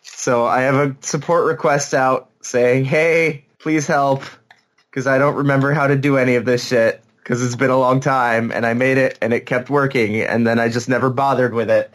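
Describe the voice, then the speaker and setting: A man's voice: medium pitch, a little fast. A jet-lagged man co-hosting a podcast, telling rambling stories in casual chat. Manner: animated, rambling storytelling with laughs. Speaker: podcast co-host.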